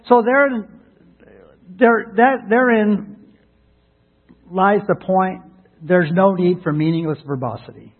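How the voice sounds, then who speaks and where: Male pastor, husky, higher register, earnest sermon delivery with restarts; phone-thin radio sound. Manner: earnest, repeats words when starting a thought. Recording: tinny narrowband radio broadcast.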